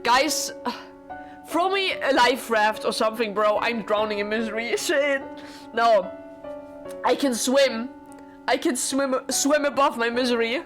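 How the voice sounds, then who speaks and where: A woman's voice: a little high, fairly even intonation, a little slow. A young woman streaming a visual novel, reading the narration and reacting with emotional, dramatic outbursts, game music behind her.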